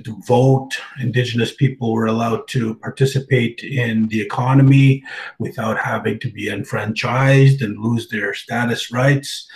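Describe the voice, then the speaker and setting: A man giving an informal presentation, speaking haltingly with many fillers, restarts and throat clearing. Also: mid-range voice, darkish tone, roomy sound, poor audio. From Canada. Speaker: guest speaker on language revitalization.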